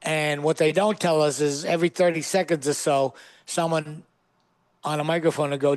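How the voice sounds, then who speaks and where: A comedian telling a story with punchy comic timing, acting out the lines of the people in it. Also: male voice, fairly high pitch, fairly even intonation, normal speed, no room sound. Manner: punchy comic delivery with acted-out quotes. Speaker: guest comedian. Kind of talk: animated storytelling. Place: studio.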